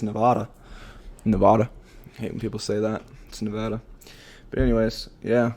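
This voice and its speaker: Male podcast host, casual profane rant, lively pitch, mid-range voice. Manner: profane, animated ranting with frequent laughs.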